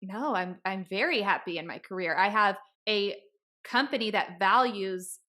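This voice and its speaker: This podcast host is a woman in her thirties with a bright, forceful, medium-pitched voice at a normal speed. She tells a story in a casual, chatty way, acting out the quoted dialogue of the people involved.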